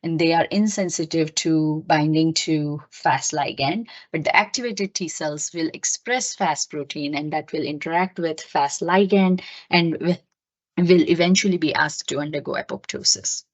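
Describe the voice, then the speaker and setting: A woman's voice: low-pitched, normal speed. A woman giving a recorded lecture, explaining step by step with many fillers and self-corrections.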